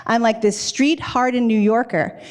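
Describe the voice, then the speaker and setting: A woman from New York giving a lively, conversational storytelling talk as a company CEO at a live event. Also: a little high, moderate pace. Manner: lively, chatty, acts out dialogue with "I'm like". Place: live event in a loft space.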